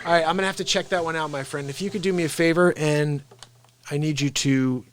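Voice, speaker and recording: A male livestream host giving unscripted comedic talk, animated and mocking, quick to slip into voices. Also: on the high side, soft background music.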